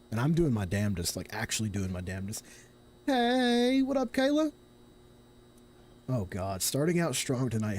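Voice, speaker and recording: A man's voice: lowish voice, a little mellow, slight background noise. A young man from Tennessee streaming a horror game, chatting casually and thinking aloud in a rambling, self-correcting way. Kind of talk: casual live gameplay commentary.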